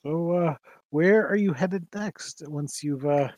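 Soft-spoken man playing a tabletop game. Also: on the high side, slow pace, no room sound, highs cut off. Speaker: player. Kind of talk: in-character tabletop chat.

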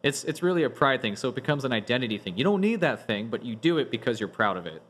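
A man of ordinary pitch hosts a relaxed podcast conversation among friends. He explains things in long, meandering runs. He keeps restarting his sentences and leaning on filler words. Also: fast talker, a little hiss or hum. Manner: rambling, many restarts and "like" fillers. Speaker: podcast host. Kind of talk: casual group discussion.

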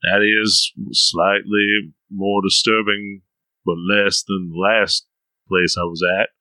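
A man's voice: low-pitched, flat delivery, slow, pushed and bright, no echo, low-quality recording. A man playing his character in a tabletop game, answering politely with a wry edge. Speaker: player.

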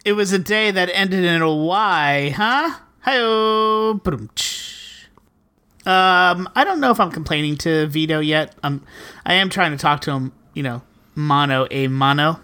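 Woman podcast co-host, lower-pitched, profane and sarcastic. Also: normal speed, sharp tone, smooth. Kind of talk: casual chat.

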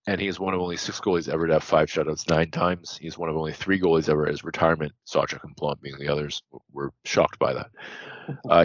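A man with a very low voice chats casually on a podcast, running through long lists of numbers and stopping to correct himself. The sound is dry, and the recording is a little dull and lo-fi. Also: no room sound. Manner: reels off statistics, corrects himself mid-sentence. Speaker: podcast co-host. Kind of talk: casual stats-heavy podcast chat.

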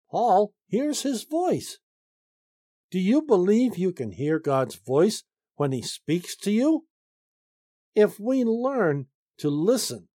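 Man, Bible teacher, slow and deliberate, lively pitch, dry close recording. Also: dry recording. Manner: slow, deliberate reading with emphatic stresses. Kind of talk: reading and commenting on scripture.

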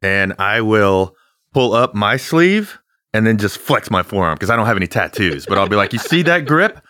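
Bright low-voiced man playing a tabletop game. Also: expressive, no room sound, studio quality. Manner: quick, rambling, laughing. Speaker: player. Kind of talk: casual tabletop game chat.

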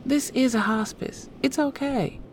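A woman voicing a kind, compassionate female nurse with a soft Southern American accent who calls people honey. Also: high-pitched, a little slow, slight background noise, voice pushed up. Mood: soothing.

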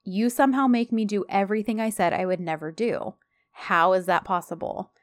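A woman's voice: medium pitch, steady tone, a little fast, dry recording. A woman co-hosting a podcast, casually retelling TV scenes and quoting the characters. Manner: chatty storyteller, quotes characters. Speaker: podcast co-host. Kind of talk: casual chat recapping a TV show.

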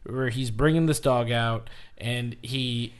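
A man co-hosting a podcast, telling a story in casual chat with lively laughs and acted-out quotes. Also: medium pitch, takes it slowly, clean tone. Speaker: podcast co-host.

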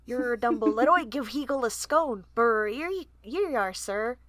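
A woman's voice: fairly high pitch, lively intonation, normal speed, a bit bright, no room sound. A woman voicing an eager baby male dormouse, speaking in childish broken grammar.

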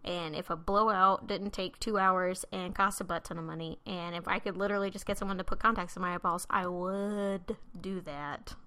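A woman's voice: on the low side, fairly even intonation, normal speed, hardly any pauses, pushed and bright, clean tone. A woman in her late twenties co-hosting a podcast, chatting casually with friends and laughing often. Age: late 20s. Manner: chatty, giggly, storytelling. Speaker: podcast co-host. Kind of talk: casual chat.

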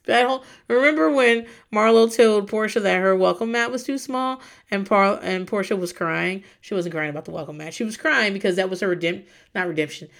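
A woman recapping in casual chat, animated, laughing often and swearing freely. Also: lowish voice, creaky. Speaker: podcast host recapping reality TV.

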